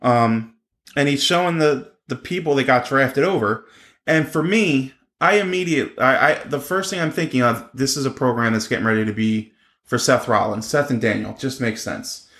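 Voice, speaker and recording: A man co-hosting a casual wrestling chat show, animated and quick to break into excited exclamations. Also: roomy sound. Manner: animated, jumps into high-pitched exclamations. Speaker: wrestling podcast co-host.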